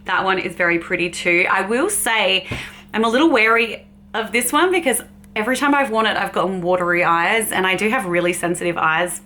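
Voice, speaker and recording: Bright, bubbly woman vlogger. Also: mid-range voice, fairly quick, a little hiss or hum. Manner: bubbly, chatty, laughs often. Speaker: beauty vlogger. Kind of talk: casual makeup swatching chat.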